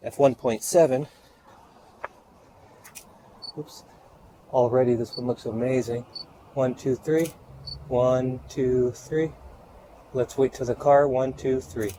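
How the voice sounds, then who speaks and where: A man's voice: medium pitch, fairly even intonation, measured pace, warm tone, a little hiss or hum, rough recording. A man photographing a model outdoors, out of breath, counting off shots and giving short directions. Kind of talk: on-location shoot commentary. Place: outdoors by a street.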